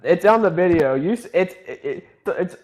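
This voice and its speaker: A man's voice: high-pitched, expressive, moderate pace, darkish tone. A man with a Southern American accent, co-hosting a casual gaming chat, teasing and laughing as he talks. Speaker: podcast co-host.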